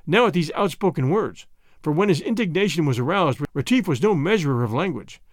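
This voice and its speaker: A man reading a novel aloud as scripted narration, expressive and lightly voicing each character. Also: a little high, brisk, no room sound, studio quality. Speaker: audiobook reader.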